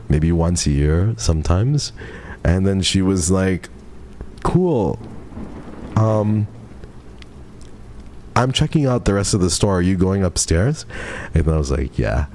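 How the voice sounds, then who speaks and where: Young male streamer, lowish voice, flustered rambling storyteller with casual swearing. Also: expressive, slow pace, long pauses, warm tone, a little hiss or hum. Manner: rambling, flustered, heavy on "like" fillers; swears casually, addresses chat as "bro" and "guys".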